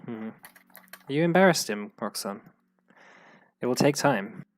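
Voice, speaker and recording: A man's voice: mid-range voice, expressive, slight background noise, close to an everyday voice, rough recording. A man voicing a stern goliath warrior woman. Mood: grave. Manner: measured, hesitant, halting with fillers. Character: stern female goliath warrior, sister of a player's character.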